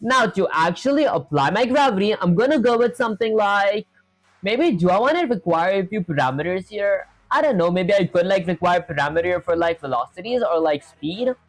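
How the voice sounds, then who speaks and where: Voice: mid-range voice, lively intonation, fairly quick, no echo. Casual rambling live-coding streamer. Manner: casual, rambling, many fillers and self-corrections; reads and answers chat questions. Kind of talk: thinking aloud while coding live.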